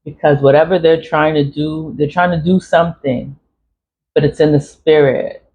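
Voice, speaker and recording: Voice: medium pitch, steady tone, moderate pace. A spiritual vlogger in a casual, rambling monologue, talking emphatically, repeating phrases and swearing freely. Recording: dull lo-fi recording, faint noise.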